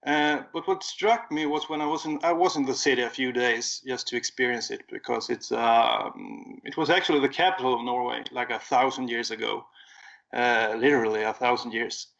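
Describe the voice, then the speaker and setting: Gravelly man on a dull lo-fi line. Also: mid-range voice, moderate pace, fairly bright tone. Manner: easygoing storytelling, frequent uh fillers. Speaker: podcast regular. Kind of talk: casual chat. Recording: dull lo-fi remote audio.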